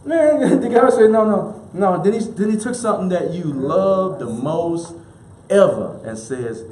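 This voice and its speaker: A man's voice: sits high, animated, a little slow, darkish tone. A male minister preaching a sermon with emphatic repetition, leading the congregation to repeat lines back, sometimes chuckling. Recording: roomy echoey room.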